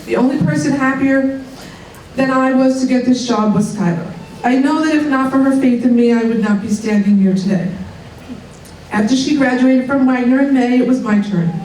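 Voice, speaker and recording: A woman's voice: high-pitched, normal speed, a little mellow, a little hiss or hum. A middle-aged woman with a cold giving a heartfelt award acceptance speech, now and then laughing off her emotion. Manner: heartfelt, breaks off to laugh and recover. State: has a cold. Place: college dining room at an evening event. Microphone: podium mic from a distance. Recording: echoey room, distant mic.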